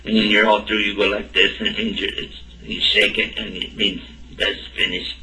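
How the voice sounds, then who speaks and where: Bright-voiced man telling a story, roomy sound. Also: fairly low pitch, moderate pace. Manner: animated, acts out both sides of the dialogue. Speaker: speaker telling a personal story. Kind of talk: anecdotal storytelling talk. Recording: roomy and distant from the mic.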